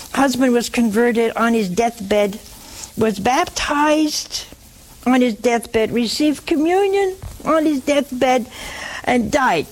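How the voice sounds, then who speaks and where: A woman giving gentle, reassuring spiritual advice, often pausing to add "see?". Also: fairly high pitch, rough recording. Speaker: religious advisor.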